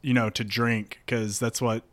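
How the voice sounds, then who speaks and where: A man riffs casually on a comedy plot, wandering through his thoughts with lots of fillers. His voice sits at an average middle pitch. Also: level tone, a little slow, fairly bright tone, dry recording. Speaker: comedy co-writer.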